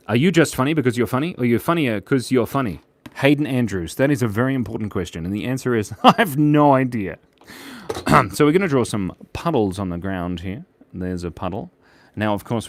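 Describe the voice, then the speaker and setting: A man's voice: medium pitch, dry recording. A man hosting a live drawing stream in a playful, chatty, jokey way. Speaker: host and illustrator.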